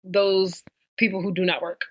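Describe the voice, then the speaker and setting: A woman's voice: on the low side, level tone, moderate pace, no room sound. A young woman co-hosting a podcast, telling a work story in casual chat and swearing freely. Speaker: podcast co-host.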